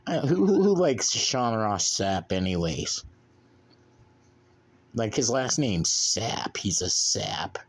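A man's voice: on the low side, very animated, slow, breathy edge. A man hosting a podcast alone, rambling casually and bluntly with plenty of swearing while drinking beer. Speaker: podcast host.

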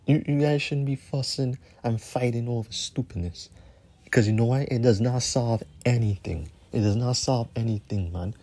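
A man hosts his podcast alone, ranting angrily with heavy swearing. He hammers his points by repeating phrases again and again. His voice has a mellow, darker tone. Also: medium pitch. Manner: angry, profane, repeats phrases for emphasis. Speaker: podcast host. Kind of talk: heated solo rant.

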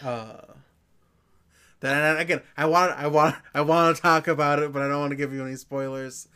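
A man's voice: fairly high pitch, steady tone, moderate pace, bright, forceful tone, smooth. A man co-hosting a podcast as its producer, chatting casually with a rambling, hesitant delivery. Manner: rambling, hesitant, many fillers and restarts.

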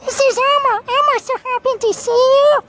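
A man voicing Elmo, a small furry childlike monster, in a squeaky sing-song falsetto that turns gleefully menacing. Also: fairly even intonation, moderate pace, sharp tone, slight background noise. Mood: happy.

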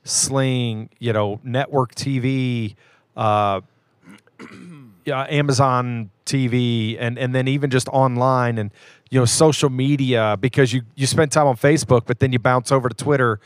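Male co-host, thirties, mid pitch, earnest storyteller, dry close sound. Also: steady tone, measured pace, smooth, dry recording. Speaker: podcast co-host. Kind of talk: casual chat.

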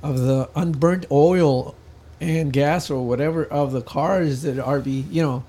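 A man's voice: on the high side, fairly even intonation, unhurried, mellow. A man in casual chat, telling a rambling story in a laid-back way and acting out what people said.

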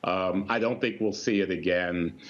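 Man in interview, lowish voice, rambling with restarts, dull muffled audio. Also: normal speed. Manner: rambling, full of restarts and fillers. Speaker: company CEO guest. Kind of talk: interview answers.

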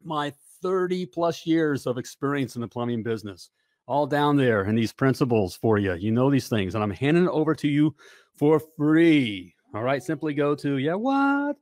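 A man's voice: mid-range voice, normal speed, a little mellow, dry recording, studio quality. A man in his fifties hosting a live talk show, talking with pumped-up energy and constant "hey" and "all right" asides.

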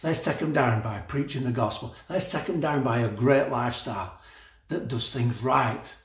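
Passionate preacher, echoey room. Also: male voice, mid-range voice, moderate pace. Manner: passionate, laughs often, repeats phrases. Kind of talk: sermon.

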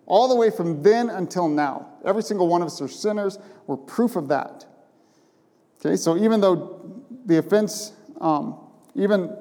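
A man's voice: high voice, animated, normal speed, warm tone. A man preaching a sermon from a pulpit, emphatic and conversational, often tossing in rhetorical questions. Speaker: pastor. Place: church sanctuary. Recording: long church reverb.

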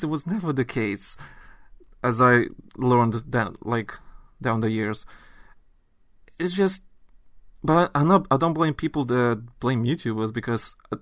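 A man chatting on a gaming podcast, recorded close and dry. He talks in animated bursts and rants, stumbling into restarts as he goes. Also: medium pitch, no echo. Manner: animated, ranting, trails off into restarts. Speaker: podcast host. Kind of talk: casual chat.

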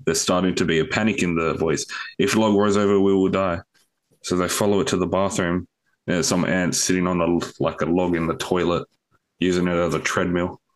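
A man's voice: deep voice, flat delivery, a little fast. A young man co-hosting a podcast, telling a long joke in casual, sweary storytelling. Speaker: podcast co-host.

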